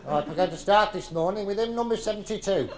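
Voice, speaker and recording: A man's voice: high-pitched, fast, reverberant, close to an everyday voice. A man voicing a strict school headmaster who scolds pupils in a clipped, fussy schoolmaster tone. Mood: scolding.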